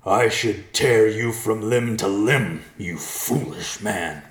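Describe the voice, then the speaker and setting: A man puts on a gruff elder bear for a storybook reading, growling his words slowly and loudly. The voice sits very deep, and the room around it rings with echo. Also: steady tone, close to an everyday voice. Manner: growling, slow and loud when angry. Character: gruff elder male bear, short-tempered.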